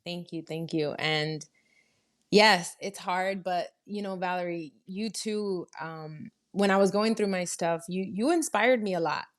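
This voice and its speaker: A woman guest on a casual podcast speaks earnestly, with some rambling and restarts. Her voice sits slightly low. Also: unhurried. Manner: earnest, rambling, self-encouraging.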